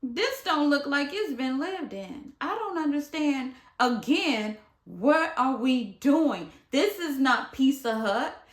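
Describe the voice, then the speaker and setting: A woman from Michigan telling a casual storytime, acting out the people she quotes and at times dropping to a hush. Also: sits high, slow, few pauses. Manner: animated, dramatic retelling with voiced quotes; drops to hushed near-whispers at times. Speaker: vlogger. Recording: echoey room.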